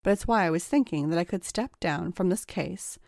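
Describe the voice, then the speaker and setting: A woman voicing a cautious, earnest woman lawyer who speaks in a measured, polite way. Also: fairly low pitch, vocal fry, a little mellow, no echo, studio quality.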